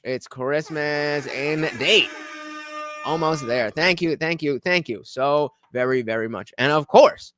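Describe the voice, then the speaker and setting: Excitable high-voiced man streaming live. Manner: excitable, thanks donors repeatedly, bursts into shouts. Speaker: livestream reaction host. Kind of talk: casual live-stream chat.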